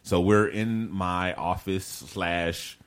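A man's voice: sits low, fairly even intonation, slow pace, clean tone. A man hosting a podcast in casual chat, telling stories loosely, swearing freely and laughing often. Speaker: podcast host.

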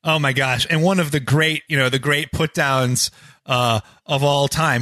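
A man's voice: mid-range voice, steady tone, moderate pace, pushed and bright, dry recording. A man talking as a guest on a casual podcast, rambling and packing his talk with "you know". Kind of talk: casual discussion of a TV episode.

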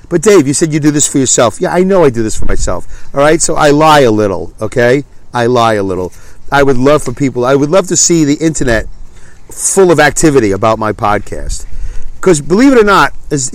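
A man's voice: fairly high pitch, no echo. Self-deprecating stuffy-nosed man. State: congested, stuffy nose. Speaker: podcast host. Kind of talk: casual solo podcast monologue.

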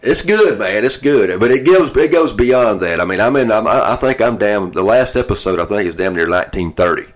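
A man with a low, deep voice chats in a relaxed, folksy way as a podcast co-host. He sounds easygoing and warmly enthusiastic about what he likes. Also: a little fast, hardly any pauses. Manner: laid-back, folksy and enthusiastic. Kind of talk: casual chat.

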